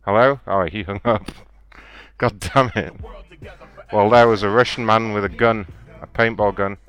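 A man hosting a prank call show, talking in deadpan, provocative banter. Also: fairly low pitch, unhurried. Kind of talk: casual live-show chat and prank calls. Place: home room.

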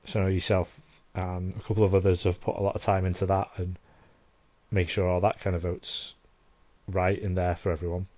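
A man hosting a podcast, asking a guest questions in a relaxed, conversational way. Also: low-pitched, brisk, no echo. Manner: conversational, asks leading questions. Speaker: podcast host. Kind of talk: casual interview. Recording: dull, dry lo-fi audio.

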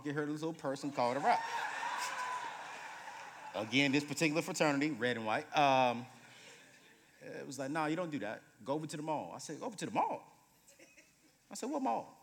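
Animated man preaching in a reverberant hall. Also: on the high side. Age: 30s. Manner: animated, humorous, swings from loud to hushed. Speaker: guest preacher. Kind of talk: sermon with storytelling. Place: church sanctuary.

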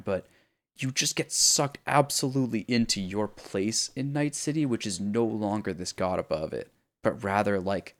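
A man co-hosting a podcast, retelling a video game story in a rambling, profane way with lots of fillers. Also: lowish voice. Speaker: podcast co-host. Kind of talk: casual chat about a video game.

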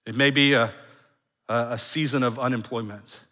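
A middle-aged man preaching a sermon as pastor, earnest, moving from raised emphasis to hushed, soft lines and often restarting his phrases. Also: medium pitch, fairly even intonation, moderate pace. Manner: repeats words and restarts phrases. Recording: long hall reverb.

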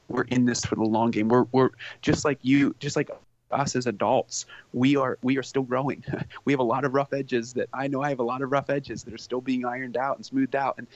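A man's voice: medium pitch, no echo, highs cut off. A man speaking earnestly on a podcast about parenting, often repeating words as he starts a thought. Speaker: parenting expert guest. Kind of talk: conversational podcast talk.

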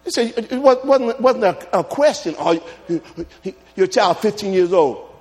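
A man preaching a lively sermon, telling humorous stories and calling out to his congregation. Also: sits high, normal speed. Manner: animated preaching with humorous stories and call-outs. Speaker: pastor.

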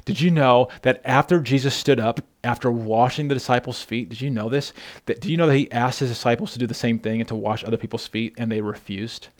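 A man's voice: medium pitch, brisk. A man preaching a sermon who speaks emphatically and calls out directly to his congregation. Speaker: pastor.

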